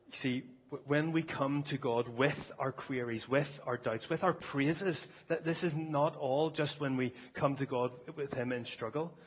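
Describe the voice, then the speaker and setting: A man's voice: mid-range voice, measured pace, hardly any pauses, muffled recording, slight background noise. A man preaching a sermon at a church service, earnest, often repeating words as he starts a phrase.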